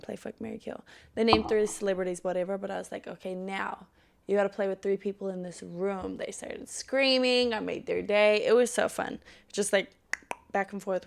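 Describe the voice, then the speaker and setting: A woman's voice: mid-range voice, gravelly. A young woman hosting a solo podcast, chatting casually and profanely, then giving a fired-up pep talk. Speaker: podcast host.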